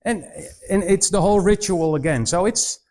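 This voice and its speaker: Man, Dutch accent, non-native English, somewhat high voice, joking anecdotes, restarts often. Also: normal speed, darkish tone. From Netherlands. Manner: jokey anecdotal storytelling with frequent restarts. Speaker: missionary speaker. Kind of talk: humorous presentation to students.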